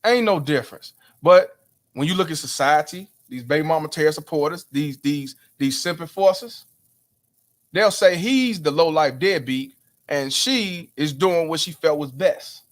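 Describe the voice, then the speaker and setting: Speaking unhurriedly in an animated, high-sided voice, a male host talks straight to his viewers. His casual commentary is emphatic and preachy, full of rhetorical questions.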